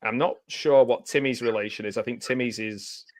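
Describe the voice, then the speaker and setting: A man's voice: medium pitch, steady tone, normal speed, dry recording, studio quality. A man hosting a casual movie commentary with friends, joking and rambling, laughing often. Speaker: host.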